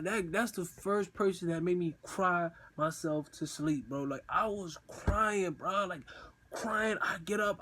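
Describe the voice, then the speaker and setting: Young male vlogger, high voice, casual slangy storyteller, acts out crying. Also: sharp tone. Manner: slangy, repeats himself, says "bro" a lot.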